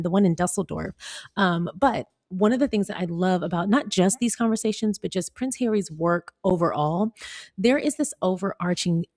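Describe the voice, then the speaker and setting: A woman's voice: on the low side, a little mellow, no room sound. An American woman vlogger chatting casually with her viewers and reading an article aloud, laughing often. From United States.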